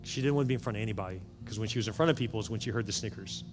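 A man preaching a sermon as pastor, telling a story earnestly and often dropping into soft, hushed passages. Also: on the low side, racing. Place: church sanctuary with several campuses. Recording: long reverb of a large hall with music behind.

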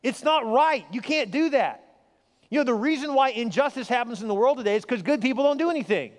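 A man's voice: very high-pitched, lively intonation, a little fast. A man preaching a sermon as a pastor, telling stories in a casual way and often asking the crowd questions. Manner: storytelling, conversational, asks the crowd questions. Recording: long hall reverb.

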